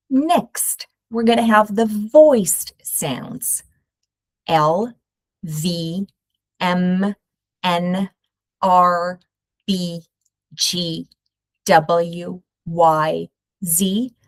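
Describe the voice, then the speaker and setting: A Brazilian woman with a Brazilian Portuguese accent teaching English pronunciation, repeating each word slowly and carefully. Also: mid-range voice, dry recording, clean studio sound. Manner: slow, careful repetition of words. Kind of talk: pronunciation lesson.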